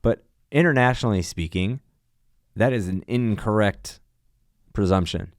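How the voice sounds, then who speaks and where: Low-voiced guy, smooth, talks pilot life with big emphatic stories. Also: a little slow, no room sound, studio quality. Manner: animated storyteller, emphatic. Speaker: airline pilot guest. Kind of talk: casual podcast chat.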